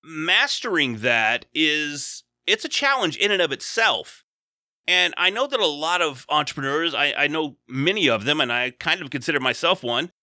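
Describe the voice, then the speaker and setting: Chatty podcast host guy, rambles a lot, super bright voice, bit high. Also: dry recording, clean studio sound. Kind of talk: casual interview chat.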